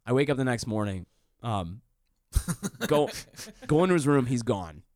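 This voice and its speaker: A man, a comedian guest on a podcast, telling a story in an animated, profane, rambling way full of "like". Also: medium pitch, unhurried, noisy background. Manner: animated and profane, frequent "like" fillers. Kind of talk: casual storytelling.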